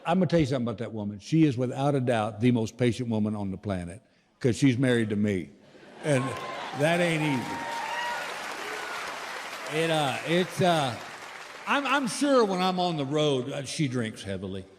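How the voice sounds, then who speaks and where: A man's voice: mid-range voice, big pitch swings, moderate pace, big-room sound, crowd noise, noisy background. A middle-aged man doing a stand-up routine, telling folksy stories and acting out the voices of the people in them. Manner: folksy storytelling, acts out voices in quotes. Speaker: stand-up comedian.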